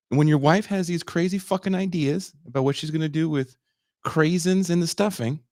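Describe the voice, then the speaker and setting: A young man co-hosting a podcast, telling stories in crude, animated banter and slipping into put-on voices. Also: fairly high pitch, fairly quick, no echo, studio quality. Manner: animated, profane storytelling with laughter and put-on voices. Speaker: podcast co-host.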